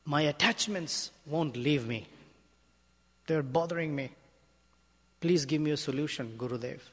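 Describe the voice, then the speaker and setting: A man's voice: a little high, a little slow, fairly bright tone. A man voicing an earnest, troubled disciple who pleads with his teacher, recorded with a long hall reverb. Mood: pleading.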